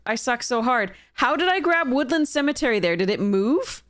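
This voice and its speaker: A woman's voice: sits high, lively intonation, normal speed, fairly bright tone, no echo, clean studio sound. A woman streaming a card game draft, thinking aloud in casual commentary and laughing at her own mistakes.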